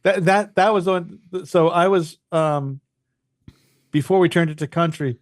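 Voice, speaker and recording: A man's voice: on the high side, measured pace, dry recording, studio quality. A man co-hosting a podcast in casual chat, a former radio broadcaster who talks emphatically, swears a lot and often repeats words.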